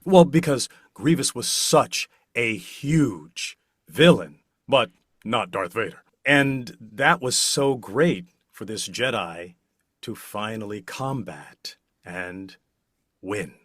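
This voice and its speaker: Middle-aged man, low voice, very slow, swelling emphasis, dry close sound. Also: no echo. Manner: slow, expressive, with big swells on key words. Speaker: interview guest, voice actor. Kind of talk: relaxed interview answers.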